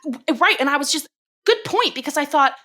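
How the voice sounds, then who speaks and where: A woman co-hosting a podcast, recapping a cartoon episode in casual chat, animated and profane, laughing often and acting out quotes. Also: high voice, brisk. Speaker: podcast co-host.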